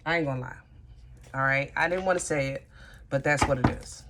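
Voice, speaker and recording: A woman's voice: rumbling low, a little fast, very noisy. A woman giving a casual tarot reading, thinking aloud and talking to her cards as she goes. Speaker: tarot reader.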